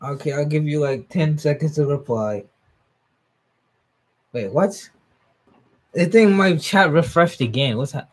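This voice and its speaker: Excitable young man streaming a reaction. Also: measured pace, long pauses. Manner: excitable, laughs often, jumps up in pitch when hyped. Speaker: streamer reacting to a manga chapter. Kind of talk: live-stream reaction, reading aloud and chatting with chat.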